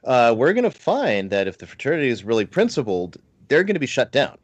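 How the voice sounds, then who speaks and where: A man's voice: medium pitch, huge pitch swings, brisk, breathy edge, dry recording, lo-fi sound. A man speaking earnestly over a video call as a guest on a livestream panel, with frequent fillers and restarts. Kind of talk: casual discussion on a livestream panel.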